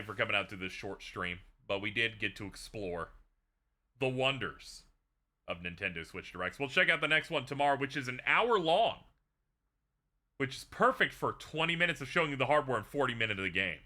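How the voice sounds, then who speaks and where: A man's voice: medium pitch, very animated, fairly quick, bright, forceful tone. A man hosting a stream in casual chat, sarcastic and joking. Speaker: streamer host.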